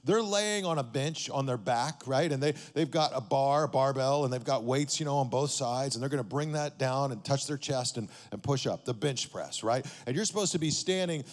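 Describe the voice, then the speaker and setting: A man's voice: on the high side, in a large hall. A man, a pastor, telling a story in a sermon in a conversational way, often checking in with his listeners.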